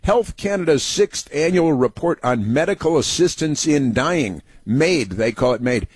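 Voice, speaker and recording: A man's voice: on the high side, animated, normal speed, darkish tone, slightly rough, no room sound. A man giving a sarcastic political commentary monologue, reading headlines aloud and mocking them, with many fillers and restarts. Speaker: commentary show host.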